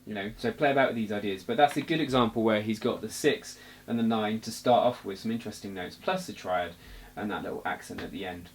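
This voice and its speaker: A man teaching jazz guitar in a relaxed, casual way, explaining notes while he plays and counting beats aloud. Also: fairly low pitch, fast. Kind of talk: casual music lesson. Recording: loud guitar under the voice. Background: guitar playing.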